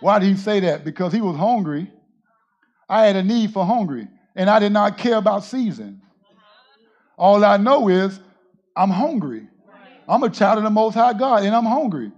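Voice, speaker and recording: A male pastor preaching a sermon, often shouting to his congregation and calling on them to answer. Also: sits high, big pitch swings, normal speed, pauses often, muffled recording.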